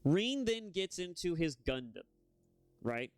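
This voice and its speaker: A young man rants on a casual gaming stream, profane and heated, his talk rambling from one point to the next. His voice sits a little high and sounds smooth and clean. The close mic catches it dry, with no room sound. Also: sing-song, takes it slowly, no room sound.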